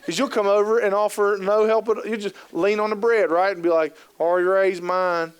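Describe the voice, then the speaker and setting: Brief: male speaker, high pitch, lively storyteller who acts out the scenes he describes. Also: a little fast, clean tone. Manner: animated, joking, acts out scenes. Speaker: keynote speaker on youth work. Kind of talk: humorous storytelling presentation.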